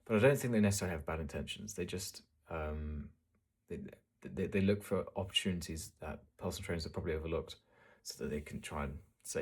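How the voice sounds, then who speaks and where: A man's voice: sits low, quick pace, slightly rough. A young man giving casual advice in a talking-head video, chatty and joking, often restarting his sentences. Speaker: fitness business YouTuber.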